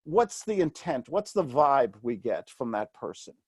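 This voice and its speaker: A man's voice: medium pitch, sing-song, a little slow, darkish tone, husky, no echo, clean studio sound. A middle-aged man from New York City with a New York accent, a real estate mentor in an interview who asks himself questions and acts out what other people say. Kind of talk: animated interview talk.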